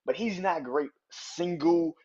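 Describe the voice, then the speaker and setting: Male podcast host on a heated, swearing rant, husky tone, muffled lo-fi recording. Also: on the high side, slow, a little mellow. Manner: heated, profane, emphatic ranting. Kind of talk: ranting wrestling podcast. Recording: dull lo-fi audio.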